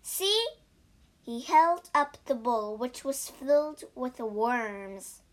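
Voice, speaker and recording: A woman teacher narrating a story slowly and carefully for language learners and spelling out words. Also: a little high. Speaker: English teacher and story reader.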